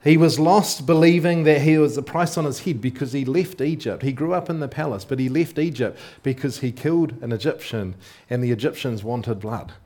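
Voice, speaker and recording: A man's voice: medium pitch, a little fast, hardly any pauses, a little mellow. A man preaching a sermon in a casual, conversational way, often asking the congregation questions and thinking aloud with fillers and restarts.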